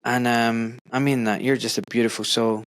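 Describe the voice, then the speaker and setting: A middle-aged Glaswegian man hosts a podcast in a dry, close recording. He talks in an earnest, effusive way, wandering through his thoughts with fillers. His pitch sits in the middle range. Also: flat delivery, fast talker, clean tone, no echo. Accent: Glaswegian Scottish. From Scotland. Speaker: podcast host. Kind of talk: warm conversational interview.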